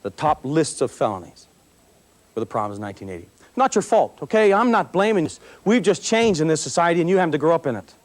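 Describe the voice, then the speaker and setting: A man's voice: on the high side, big pitch swings, fast talker. A man giving a folksy, emphatic talk to students at a school assembly, repeating phrases for effect. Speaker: motivational speaker to students.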